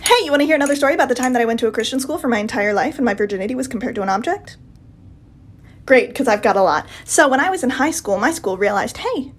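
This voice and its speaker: A woman's voice: sits high, lively intonation, fast talker, slight background noise. A woman telling a story about school in a sarcastic, mocking way. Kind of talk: casual storytime.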